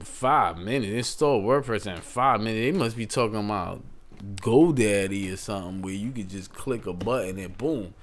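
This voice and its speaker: A man hosting a casual tech tutorial, chatty and rambling, with features. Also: on the low side. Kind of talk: casual screen-share tutorial.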